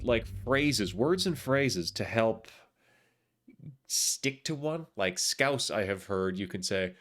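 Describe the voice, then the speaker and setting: A man's voice: fairly low pitch, animated, takes it slowly, fairly bright tone. A man streaming a video game, chatting casually in a rambling, self-mocking, jokey way. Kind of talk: casual live-stream chat.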